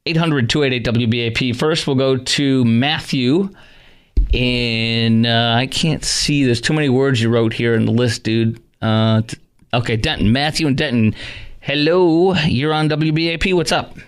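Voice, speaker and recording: Animated talk radio host, man. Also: medium pitch, measured pace, clear, resonant tone. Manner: animated, indignant, rambling with restarts. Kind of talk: talk radio monologue and call-in. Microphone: studio microphone.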